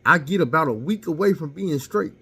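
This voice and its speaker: A man's voice: a little high, expressive, a little fast, pushed and bright, slightly rough. A man casually telling a candid, profane story about himself and mocking his own mistakes.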